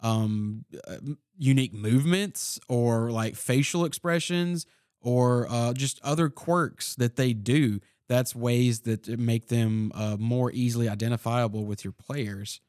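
Soft-spoken guy talking game master tips, mid pitch, dry close sound. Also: unhurried, dry recording. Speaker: podcast co-host, game master. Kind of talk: casual chat.

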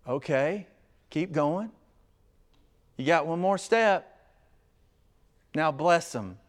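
Male pastor; measured, deliberate sermon delivery, emphatic peaks and hushed asides, voice sits a touch high. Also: animated. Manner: earnest, emphatic, swings between loud stresses and quiet asides. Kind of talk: expository sermon.

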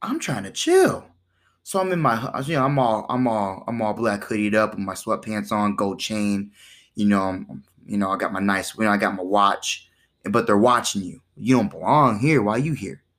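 Animated man hosting a casual podcast. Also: on the low side, moderate pace. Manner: animated, acts out quoted exchanges in shifting voices; conversational, with repeated "right?" and "you know". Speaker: podcast host.

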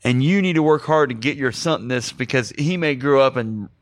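A man's voice: mid-range voice, moderate pace, no room sound, studio quality. A man hosting a podcast, recapping a movie in casual chat, rambling and joking. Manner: rambling, joking, lots of fillers. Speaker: podcast host.

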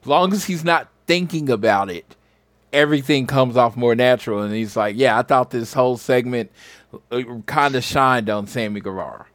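A man's voice: mid-range voice, moderate pace, a bit bright, no echo. A man co-hosting a wrestling podcast, talking casually and rambling with lots of fillers. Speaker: podcast co-host.

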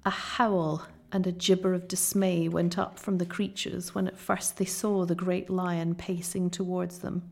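A woman narrates a children's fantasy novel in an unhurried, carefully paced delivery. Her voice sits on the lower side with a gravelly fry at phrase ends. She tells the story with measured drama. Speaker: audiobook narrator. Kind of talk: audiobook reading of a children's novel.

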